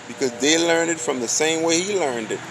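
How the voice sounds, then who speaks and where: A man's voice: fairly high pitch, brisk, noisy background. A man giving a loose, slangy street monologue, preaching and firing off rhetorical questions.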